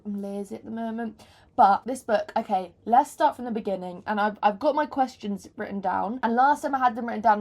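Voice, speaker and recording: A woman's voice: mid-range voice, darkish tone. A woman in her twenties talking casually to camera from her bedroom floor as a book vlogger, rambling, joking at her own expense and swearing freely. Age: 20s. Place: bedroom floor, hot room.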